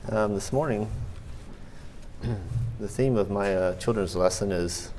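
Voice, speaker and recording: A man leads a children's lesson and reads a story aloud, halting now and then and clearing his throat. His voice sits deep and low. A faint hiss runs under the recording. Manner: hesitant, many ums and restarts, clears throat. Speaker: church children's lesson teacher.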